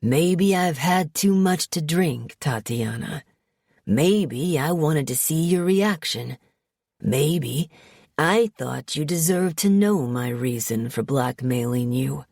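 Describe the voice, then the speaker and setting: Woman doing a low-drawling New Jersey mafia man. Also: expressive, a little mellow, no echo, studio quality, full character voice. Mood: intense. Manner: low, slow, menacing drawl. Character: brooding ruthless male mafia heir, young adult.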